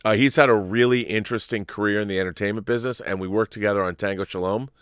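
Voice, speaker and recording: A middle-aged man hosting a live stream, reading viewer messages and answering them in a halting, rambling way. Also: on the low side, fairly even intonation, fairly bright tone, clear, resonant tone, no room sound, studio quality. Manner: rambling, halting, restarts often. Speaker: host.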